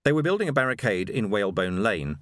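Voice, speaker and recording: A man narrating an audiobook in an expressive, animated storytelling manner. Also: lowish voice, quick pace, no room sound, studio quality. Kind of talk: scripted narration.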